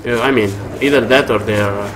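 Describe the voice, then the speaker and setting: A man's voice: lowish voice, steady tone, quick pace, noisy background. A man giving let's play commentary, frustrated and muttering to himself as he plays, often swearing. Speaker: gamer.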